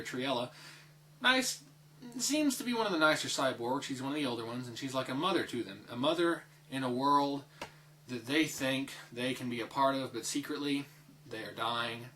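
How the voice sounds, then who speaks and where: Young man, bright voice, casual review, rambling, filler words, faint hum behind. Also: mid-range voice, rough recording. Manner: rambling, frequent fillers and restarts, swears. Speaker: anime reviewer.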